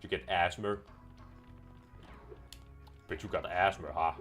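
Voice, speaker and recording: Male let's-player with a deep voice, dry sarcastic jokes and casual swearing. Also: steady tone, slow, long pauses, fairly bright tone, soft background music. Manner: sarcastic, joking, swears freely. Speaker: gameplay commentator. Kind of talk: casual let's-play commentary.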